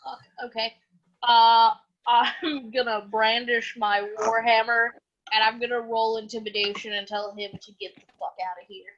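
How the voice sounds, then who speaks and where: A woman's voice: a little high, level tone, normal speed, a bit bright, lo-fi sound. A woman playing a tabletop game, blunt and swearing freely. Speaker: player. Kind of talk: casual tabletop play.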